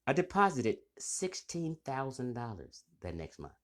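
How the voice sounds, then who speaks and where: Animated, boastful man calling people out. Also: medium pitch, measured pace. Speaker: channel host. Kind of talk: casual call-out vlog.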